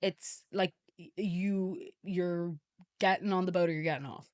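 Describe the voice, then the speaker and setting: A woman's voice: lowish voice, fairly even intonation, measured pace, darkish tone. A young woman co-hosting a podcast in casual, swear-laden chat. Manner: chatty, swears freely, trails off mid-sentence. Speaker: podcast co-host.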